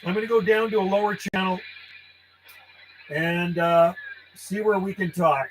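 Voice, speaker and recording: A man's voice: high-pitched, fairly even intonation, unhurried, soft background music. A man chatting casually over the radio with distant contacts, rambling and friendly while logging them. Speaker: ham radio operator.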